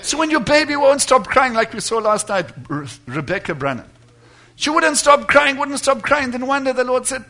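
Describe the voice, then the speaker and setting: A man preaching to his congregation in a high, bright voice. He drives his points home with loud declarations, then drops into quiet asides. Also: expressive, a little fast. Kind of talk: sermon.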